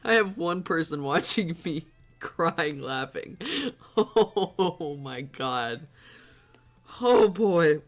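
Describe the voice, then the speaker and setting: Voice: mid-range voice, lively intonation, drawn-out words. A gaming streamer commenting on a game while laughing so hard they are in tears, breathless and swearing. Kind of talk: let's play commentary.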